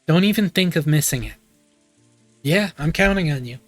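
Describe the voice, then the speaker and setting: A man's voice: fairly high pitch, lively intonation, moderate pace, no room sound, faint music behind. A man reading the lines of a confident businessman on the phone in a game, with a breezy, easygoing delivery. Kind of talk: reading game dialogue aloud.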